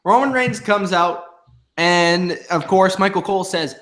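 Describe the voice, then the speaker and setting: A young man reviewing a wrestling episode in relaxed chat, his voice sitting a little high. He walks through each segment and drags out the quoted lines for effect. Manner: retells promos, often slowing to quote lines. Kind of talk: casual recap and commentary.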